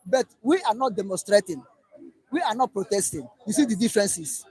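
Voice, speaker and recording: A man's voice: high-pitched, lively intonation, fairly quick, a little mellow, husky. A man with a Nigerian accent calling in, talking emphatically and chanting slogans and blessings. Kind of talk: animated phone-in talk.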